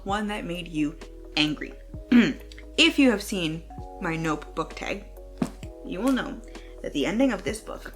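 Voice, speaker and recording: A young woman talks casually at home for her book channel, excitable and swearing freely. Her pitch jumps around a lot as she talks. Soft music plays faintly behind her. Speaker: book vlogger. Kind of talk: casual chat.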